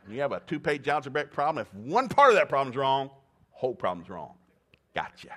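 A middle-aged man preaching a sermon, mixing scripture readings with joking asides and loud whoops of laughter. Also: mid-range voice.

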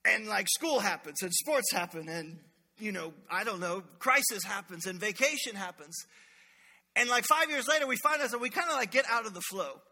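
A man preaching a lively, humorous sermon as pastor, calling out to the congregation in a church sanctuary. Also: high-pitched, normal speed. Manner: energetic, humorous preaching with crowd call-outs. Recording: long hall reverb.

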